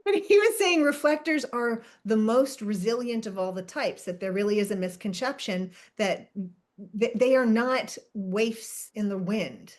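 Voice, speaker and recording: A woman's voice: a little high, a little slow. A woman co-hosting a podcast in casual chat, talkative and often laughing as she wanders off track. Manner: chatty, laughs often, self-interrupting. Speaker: podcast co-host.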